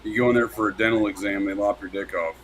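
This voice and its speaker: A man's voice: on the low side, fairly even intonation, fast, fairly bright tone, a little hiss or hum. A man bantering on a casual podcast, blunt and joking, ending his lines with "dude".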